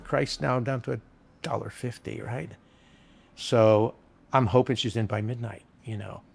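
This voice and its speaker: Gravelly older man telling rambling stories. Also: medium pitch, moderate pace. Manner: rambling anecdotal storyteller, casual and earthy. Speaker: bartender guest. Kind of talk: storytelling interview chat.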